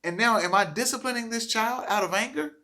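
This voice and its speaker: A man's voice: extremely high pitch, brisk, sharp tone. A man giving a training talk to childcare teachers, earnest and coaching, often checking in with "okay?".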